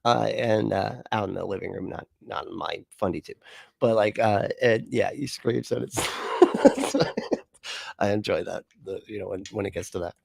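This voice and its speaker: A man's voice: fairly low pitch, moderate pace, vocal fry, husky, no room sound, clean studio sound. A man hosting a casual livestream, talking loosely and mockingly, often laughing and swearing as he reacts to clips. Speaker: livestream host.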